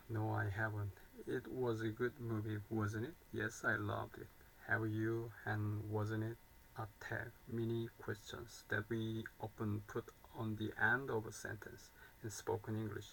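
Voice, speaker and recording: A man with a low, gravelly voice reads grammar examples aloud in a flat, even tone. He halts, repeats and corrects himself as he goes. Faint noise hums behind him. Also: rough recording. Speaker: learner reading grammar aloud.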